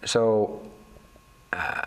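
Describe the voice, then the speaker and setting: An older man, a Navy veteran and fishing captain, telling his life story candidly in an interview, full of fillers and restarts and acting out the voices of people in his stories. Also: very slow. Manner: rambling, with many fillers and restarts.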